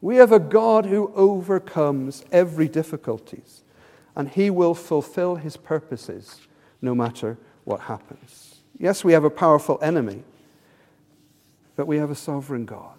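A man preaching a sermon, animated and acting out quotes with rising emphasis. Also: a little high, moderate pace. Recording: reverberant hall.

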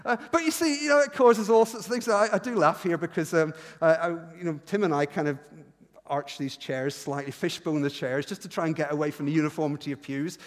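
Animated high-voiced pastor preaching in a reverberant church. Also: male voice, a little fast. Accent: regional accent. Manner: animated, self-deprecating, with many restarts. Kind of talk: sermon. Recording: long reverb in a church hall.

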